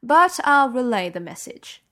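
A woman's voice: high-pitched, big pitch swings, fairly bright tone, pitched above the performer's own voice, heavily acted. Woman reading as a cool, formal official. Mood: measured. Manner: measured, formal, unhurried. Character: cool, guarded middle-aged man, an official. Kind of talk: audiobook character reading.

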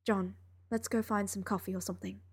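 A woman reading the part of a gentle, caring mother who speaks softly. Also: mid-range voice, fairly even intonation, brisk, breathy edge.

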